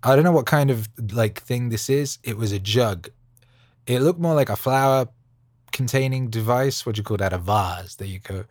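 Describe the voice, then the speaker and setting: A man hosting a podcast, rambling casually in an animated, jokey way full of slang. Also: medium pitch, moderate pace, dry recording, clean studio sound. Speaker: podcast host. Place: Los Angeles studio.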